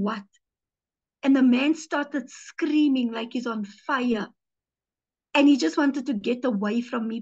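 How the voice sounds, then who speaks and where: A woman's voice: high-pitched, muffled recording. A woman pastor, teaching a sermon through personal stories and acting out the voices of people she quotes. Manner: animated storytelling, acts out quoted voices.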